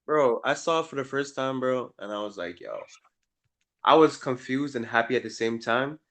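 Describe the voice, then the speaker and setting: A man co-hosting a podcast in casual chat, playful and joking, quick with his reactions. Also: medium pitch, a bit bright. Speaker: podcast co-host.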